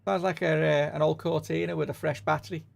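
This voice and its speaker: Over game music on his sim racing live stream, a man with a mild Merseyside accent chats and rambles, constantly tossing in "know what I mean." He's from northwest England, and his fairly high, gravelly voice moves at a quick pace with a level tone.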